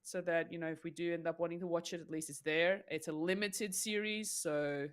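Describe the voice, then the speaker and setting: A woman's voice: on the low side, steady tone, a little fast. A woman co-hosting a podcast, giving her take in a casual, thoughtful way with plenty of fillers. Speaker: podcast co-host.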